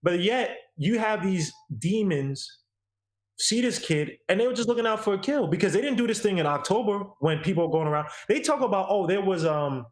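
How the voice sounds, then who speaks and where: Man, podcast co-host, slangy emphatic rant, somewhat high voice, echoey room. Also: expressive, fairly quick. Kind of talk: casual opinion chat.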